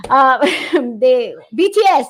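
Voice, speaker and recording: Woman, high voice, animated storyteller, laughs a lot, casual chat. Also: slow pace. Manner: animated storyteller, laughs often, swears freely. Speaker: parent guest in a chat.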